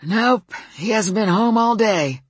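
A woman voicing a gruff, skinny old man with a sly, folksy drawl in an audiobook. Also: mid-range voice, lively intonation, takes it slowly, dry recording, voice pushed up. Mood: teasing.

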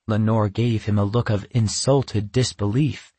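Husky man narrating a storybook. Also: on the low side, steady tone, a little slow, mellow, no echo.

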